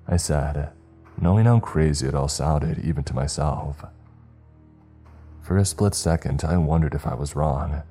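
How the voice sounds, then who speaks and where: A man narrating a first-person horror story in a tense, hushed way. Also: rumbling low, breathy edge.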